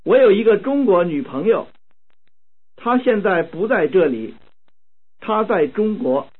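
High-voiced man reading drill sentences. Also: lively intonation, breathy edge. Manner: careful, deliberate reading. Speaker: language tape speaker. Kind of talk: slow model sentences for learners. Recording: tinny narrow-band tape recording.

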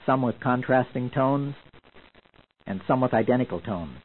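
A man's voice: mid-range voice, lively intonation, husky. Man narrating an old lo-fi language tape. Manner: measured, explanatory. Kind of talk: scripted instructional narration.

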